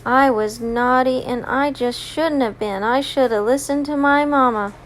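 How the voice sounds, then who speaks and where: A woman's voice: sits high, a little slow, a little hiss or hum. A woman doing a scared little boy rabbit. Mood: worried regretful. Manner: worried, remorseful. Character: naughty young boy rabbit, scared and sorry.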